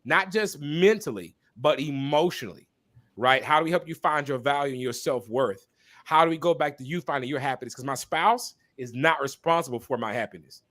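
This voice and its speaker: A man speaking as a podcast guest and minister, talking candidly and passionately, repeating phrases for emphasis like a preacher and pausing to apologize for talking so long. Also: fairly high pitch, animated, a bit bright. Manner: apologetic asides to listeners. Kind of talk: candid conversational testimony.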